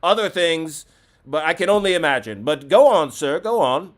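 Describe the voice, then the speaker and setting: A man's voice: fairly high pitch, lively intonation, normal speed. Ranting, foul-mouthed call-in host man. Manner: profane, ranting, mock-indignant. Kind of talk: comedic call-in banter.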